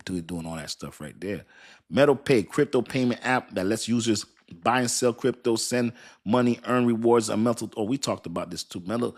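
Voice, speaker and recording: A man hosting a casual crypto live stream, talking loosely and repeating himself as he reads aloud and answers his chat, often laughing. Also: fairly low pitch. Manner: laughs often and thinks aloud while reading. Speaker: crypto livestream host.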